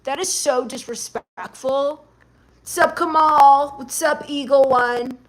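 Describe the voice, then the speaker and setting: High-voiced sarcastic woman streamer. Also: steady tone, slow pace. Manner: sarcastic, mocking. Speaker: live streamer. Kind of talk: live stream chat reading.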